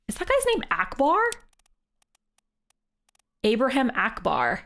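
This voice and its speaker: A woman's voice: mid-range voice, lively intonation, a little slow, fairly bright tone, a little hiss or hum. Chatty woman streaming a game. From Canada. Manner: chatty, thinks aloud, laughs often. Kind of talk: live game commentary.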